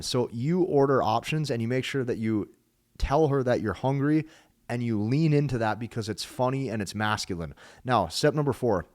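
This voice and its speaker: A young adult man coaching on dating, talking straight to his audience in an energetic, emphatic way and acting out his own lines. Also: mid-range voice, no echo, clean studio sound. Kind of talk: instructional talk to camera.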